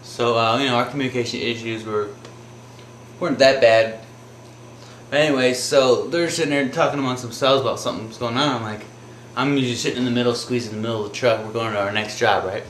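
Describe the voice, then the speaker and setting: A man's voice: medium pitch, steady tone, fast talker, a bit bright, echoey room, slight background noise. A man casually telling a true anecdote, rambling with filler words. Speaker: storyteller.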